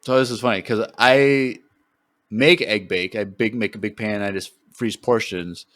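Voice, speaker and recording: A man's voice: fairly low pitch, fairly even intonation, unhurried, a bit bright, no room sound. A man co-hosting a podcast, chatting casually and self-deprecatingly with plenty of fillers. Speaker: podcast co-host.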